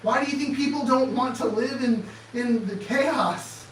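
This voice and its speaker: A man's voice: very high-pitched, measured pace, slight background noise. Man giving a sarcastic motivational talk, echoey. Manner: animated, rhetorical, sarcastic questioning. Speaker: speaker. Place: presentation room with projector. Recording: echoey room, distant mic, faint ambience.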